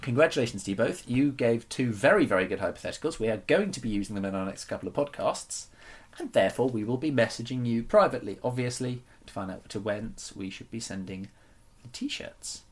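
A man's voice: mid-range voice, lively intonation, fairly quick. Teasing male podcast co-host. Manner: jokey, teasing, laughs often. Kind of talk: casual podcast chat.

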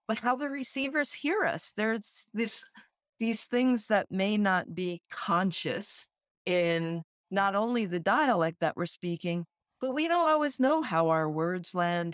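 A woman from New Jersey co-hosts a podcast in a fairly low voice. She talks reflectively, laughing often, and the sound is dry and close. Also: takes it slowly, smooth, dry recording. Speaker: podcast co-host. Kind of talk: conversational podcast chat.

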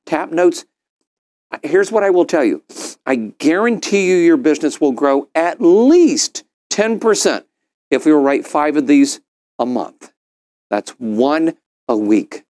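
Animated middle-aged man telling stories. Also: fairly high pitch. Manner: animated, acts out quotes in a raised voice. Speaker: speaker at a business mastermind. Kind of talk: storytelling talk to a group.

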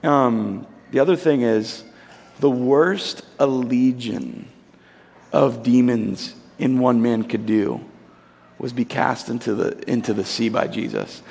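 A man in his thirties preaching a sermon in a conversational, animated storytelling way. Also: medium pitch, slow, gravelly, breathy edge. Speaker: pastor. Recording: long hall reverb.

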